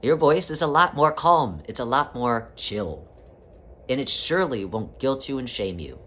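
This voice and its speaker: A man giving a spiritual talk, speaking as a collective "we" in a flowing, repetitive, gently teasing way. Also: mid-range voice, lively intonation, normal speed, husky. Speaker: spiritual teacher.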